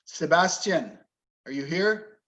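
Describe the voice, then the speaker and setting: A man's voice: a little high, lively intonation, slow, a bit bright, poor audio. A man teaching an English class, patiently explaining word stress and pronunciation.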